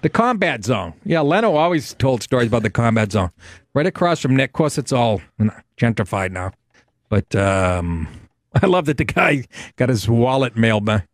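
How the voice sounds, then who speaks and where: A man's voice: medium pitch, normal speed, no room sound. Guy hosting a call-in show, laughing a lot, voice jumping all over, dry sound. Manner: animated storytelling, laughs often, swears. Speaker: host. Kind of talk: casual call-in radio chat.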